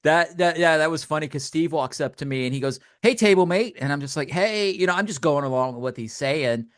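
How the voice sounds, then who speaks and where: Animated older man telling event stories. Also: a little high, fast talker, no room sound, studio quality. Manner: animated storyteller, acts out quotes. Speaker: podcast co-host. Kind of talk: casual chat.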